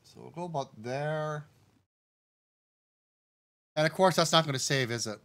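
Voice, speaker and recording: A man streaming live as a game developer, relaxed and thinking aloud as he talks himself through settings step by step and turns now and then to answer his chat. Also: a little high, a little slow. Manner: addresses the chat directly.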